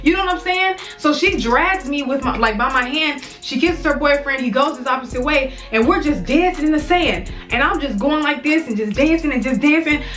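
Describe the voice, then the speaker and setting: A woman's voice: high-pitched, brisk, hardly any pauses, faint music behind. Cussing young woman telling a story. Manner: profane, animated storytelling, many fillers like "like". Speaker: vlogger. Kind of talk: casual storytime.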